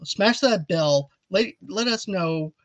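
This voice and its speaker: Animated man hosting a casual review. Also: sits high, slow, no room sound, muffled recording. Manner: animated, talkative, asks viewers to comment. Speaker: video host.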